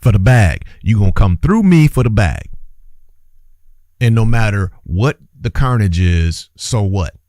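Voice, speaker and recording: A man delivers a fired-up opinion monologue in a preachy, urgent tone, his pitch swinging widely from line to line. He repeats phrases to drive each point home and speaks to his listeners as brothers and sisters. The sound is dry, with no room echo. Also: big pitch swings, a little slow, dark tone. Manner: urgent, exclaiming. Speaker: host and commentator.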